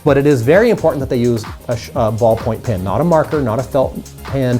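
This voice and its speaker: Fast-talking man teaching magic tricks. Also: mid-range voice, lively intonation, mellow, faint music behind. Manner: upbeat, chatty, talks straight to the viewers. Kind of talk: casual magic tutorial.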